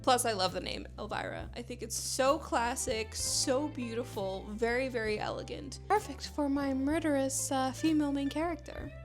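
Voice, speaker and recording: High-voiced chatty young woman novelist. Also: moderate pace, hardly any pauses, faint music behind. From Panama. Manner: chatty, enthusiastic, rambling with many fillers. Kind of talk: chatty writing vlog. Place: home computer room.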